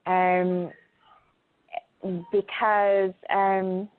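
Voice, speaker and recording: Over a tinny phone connection, a middle-aged woman answers questions in a casual interview, hesitating often with frequent filler sounds. Her voice is medium in pitch and clean in tone, with a flat delivery and drawn-out words.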